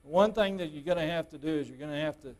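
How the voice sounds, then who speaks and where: At a club meeting, a man gives a live, hands-on woodturning demonstration, talking in a loose, folksy manner and repeatedly asking the room "okay?" His voice sits a little high, with a quick pace and darkish tone.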